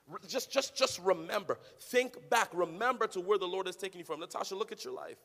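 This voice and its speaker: A man preaching a sermon to a congregation, swinging from low conversational talk to loud sing-song shouting. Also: fairly quick, gravelly, big-room sound. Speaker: pastor. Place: church hall with congregation.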